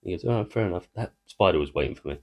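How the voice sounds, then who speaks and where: This let's-play creator talks fast in a low voice with lively intonation, rambling casually as he games. He tries to tell a joke but keeps interrupting himself, and there's slight background noise.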